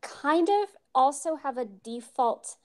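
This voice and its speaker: A woman's voice: sits high, expressive, takes it slowly, darkish tone. An American woman in her thirties, a story narrator, answering interview questions over a call in a bashful, giggly way with a youthful-sounding voice. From United States. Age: 30s. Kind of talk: casual interview chat.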